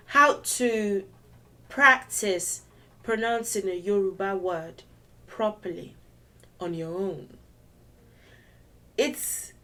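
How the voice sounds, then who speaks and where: A young woman teaches a beginners' language lesson at an unhurried pace. She explains patiently and goes back over each step. Her voice sits at an ordinary middle pitch. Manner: explains patiently, repeats steps and sings a little memory song. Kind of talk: casual video lesson.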